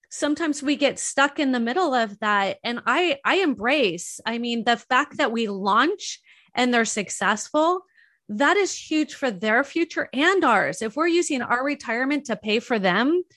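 A woman's voice: high voice, animated, a little slow, a bit bright, no room sound, clean studio sound. A middle-aged woman hosting an interview, chatting conversationally and telling personal stories. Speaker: podcast host. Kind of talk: casual interview talk.

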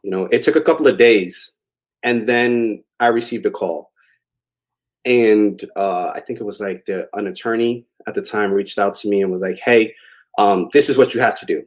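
A man's voice: on the low side, normal speed. Man telling a rambling story. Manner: rambling, conversational, many fillers. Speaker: interview guest. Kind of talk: casual storytelling.

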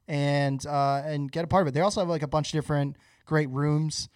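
A man hosting a podcast, reading sponsor spots in a relaxed, halting way with many fillers. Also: on the high side, smooth, no room sound, clean studio sound. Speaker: podcast host. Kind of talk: casual podcast ad read.

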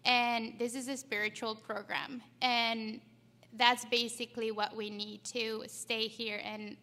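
A young woman sharing her recovery story at a meeting, halting and emotional, close to tears. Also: fairly high pitch, sharp tone. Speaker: short speaker at a recovery meeting. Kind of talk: personal recovery share.

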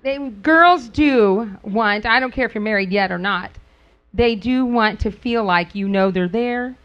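A middle-aged woman speaking casually to a group, telling stories with frequent laughter and acting out quotes in sudden high squeals. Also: measured pace. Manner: laughs often while talking. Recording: dull lo-fi recording.

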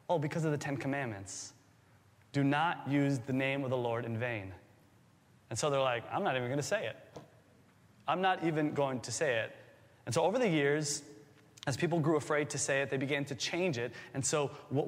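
A man's voice: on the high side, a bit bright. A man preaching with a slightly raised voice, and his words ring out with a long reverb through a big hall. He teaches in a loose, playful way, quizzes his listeners and slips jokes in between. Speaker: pastor. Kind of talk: sermon.

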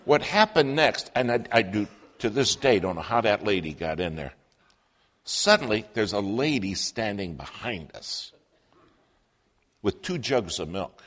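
A male preacher telling a story in a sermon, in an animated, humorous way. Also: lowish voice, unhurried.

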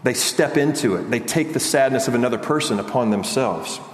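A man preaching a sermon in an earnest way, rising and quickening with fervor, then dropping low on key lines. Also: animated. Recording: echoey hall, faint background noise.

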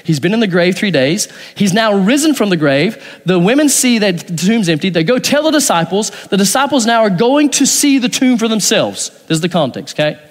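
A pastor's high, sing-song voice fills a large hall as he preaches, a little fast and with few pauses. Reading scripture aloud, he performs the dialogue by changing his voice for each part.

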